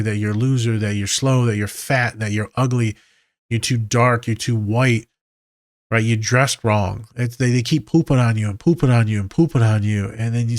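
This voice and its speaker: A man's voice: mid-range voice, a little mellow, dry recording, clean studio sound. A man, a therapist hosting a podcast, talking casually, candid and profane with a joking edge.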